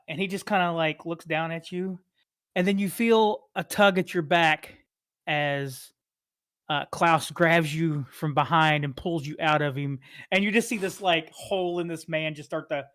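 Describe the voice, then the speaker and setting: Slow-talking male game master. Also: fairly high pitch, fairly even intonation, fairly bright tone, clear, resonant tone. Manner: rambling, full of fillers and chuckles. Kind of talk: narrating a tabletop game.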